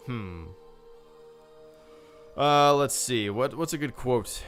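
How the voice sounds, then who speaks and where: A man's voice: medium pitch, measured pace, a bit bright, faint music behind. Laid-back rambling male streamer. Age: adult, a father. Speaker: live stream host. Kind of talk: casual live stream chat.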